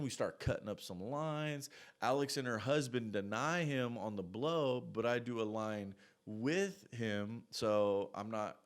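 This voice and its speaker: A man telling a story in a casual, rambling way, swearing a lot and trailing off into asides. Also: fairly low pitch.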